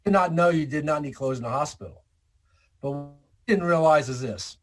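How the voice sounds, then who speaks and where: Male speaker for a club talk, lively storyteller with a somewhat high voice. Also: brisk. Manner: animated storyteller, acts out quoted dialogue. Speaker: guest speaker.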